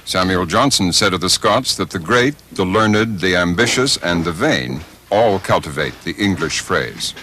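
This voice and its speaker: A man narrating a documentary in a measured, scripted way. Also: sits low, lively intonation, pushed and bright, slight background noise.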